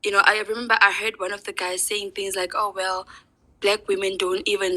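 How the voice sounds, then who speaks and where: A woman's voice: medium pitch, little pitch movement, brisk, sharp tone, rough recording. A woman giving an impassioned, angry personal testimony in an online audio discussion, asking rhetorical questions.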